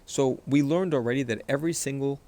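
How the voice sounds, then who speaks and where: A man teaching how to read and stress words, explaining patiently, repeating words slowly, and clearing his throat often after a recent illness. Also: medium pitch, warm tone. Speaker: Hebrew reading teacher. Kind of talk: explanatory lesson, screen-sharing.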